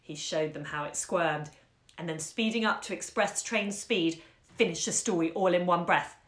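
A woman hosting a bookshop series reads a short story aloud at home into a phone, animated and acting out the action. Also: lowish voice, moderate pace. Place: room at home. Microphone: phone on a live stream. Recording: roomy echo.

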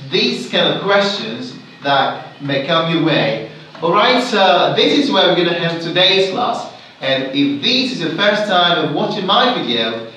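A man's voice: sits high, sharp tone, distant mic, a little hiss or hum. A man with a Nigerian English accent teaching an exam English lesson, repeating example sentences with shifting stress. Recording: echoey room, away from the mic.

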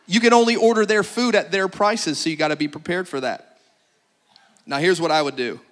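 A man pastor with a high-pitched voice, giving practical announcements to his congregation. He talks in a playful, joking way and stretches things for laughs. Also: brisk, a bit bright.

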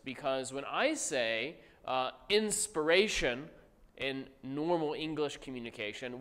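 A man's voice: mid-range voice, fairly bright tone, clean tone. Man lecturing in an echoey room. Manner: conversational, repeats points, asks class questions. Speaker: Bible teacher. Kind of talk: classroom theology lecture.

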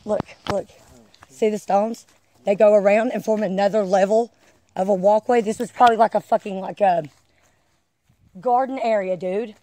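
A woman's voice: mid-range voice, fairly even intonation, moderate pace, pauses often, mellow. A woman vlogging outdoors on a wooded trail, filming on her phone as she walks and eagerly urging viewers to look. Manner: breathless exclamations, keeps urging viewers to look. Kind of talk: excited walking vlog. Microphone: phone held while walking.

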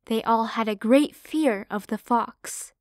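A woman narrating a children's storybook audiobook, slow, clear and expressive. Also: on the high side, no room sound, studio quality.

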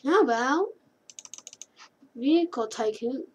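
Rambling high-voiced woman narrating gameplay. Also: expressive, takes it slowly, poor audio. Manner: rambling, chatty, self-correcting. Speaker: gameplay commentator. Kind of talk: casual gameplay commentary. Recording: keyboard clicks and clear background noise.

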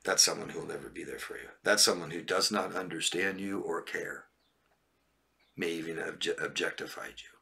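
Man, relationship coach, live Q&A, blunt, fairly low voice, gravelly. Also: fairly even intonation, normal speed, bright, forceful tone. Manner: blunt, repetitive, asks "right?" and "okay?". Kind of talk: live stream Q&A, reading viewer questions.

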